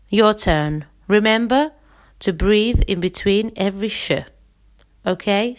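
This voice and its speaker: A woman leads a breathing lesson for singers at an unhurried pace, pausing between steps. Her voice sits at an ordinary middle pitch, and her instructions are calm and clear. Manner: slow, calm, instructive, counts and demonstrates. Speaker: singing teacher. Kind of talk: guided breathing exercise lesson.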